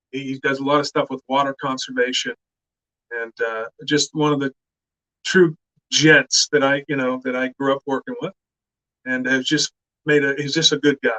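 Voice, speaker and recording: A middle-aged man telling stories in a casual chat, animated and loud when he acts out what others said. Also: medium pitch, poor audio. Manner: animated storyteller who shouts out quoted lines. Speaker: guest actor.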